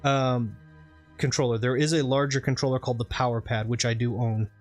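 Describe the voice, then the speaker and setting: A man's voice: medium pitch, steady tone, brisk, soft background music. A man from the southern United States with no regional accent, chatting casually in a rambling, discursive way while co-hosting a gaming stream. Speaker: gaming channel co-host. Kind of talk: casual chat over gameplay.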